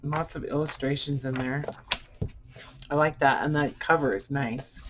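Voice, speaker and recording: A vlogger chatting casually and musing aloud in a soft, unhurried way while sorting through boxes at home. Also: medium pitch, steady tone. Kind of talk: casual unboxing chat. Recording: clear background noise.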